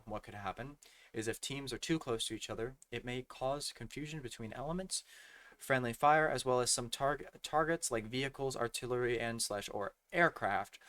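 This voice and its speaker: A man's voice: medium pitch, a bit bright, dry recording. A young man reading slides aloud for a gaming tutorial, often tripping over words and correcting himself, his voice a bit worn. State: losing his voice. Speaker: gaming community tutorial presenter.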